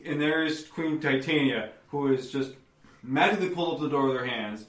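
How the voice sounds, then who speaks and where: A man's voice: on the high side, normal speed, fairly bright tone, echoey room, far from the mic. Man running a tabletop game on stage. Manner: rambling, self-correcting narration. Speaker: game master. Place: theater stage.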